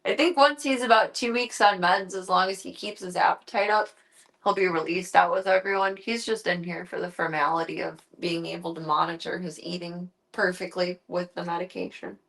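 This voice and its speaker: A woman's voice: on the low side, steady tone, normal speed, creaky, a bit bright. A young woman streaming from home on a handheld phone, chatting casually and slipping into baby talk with her pet cat. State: tearful, close to crying. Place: at home indoors. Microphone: handheld phone camera.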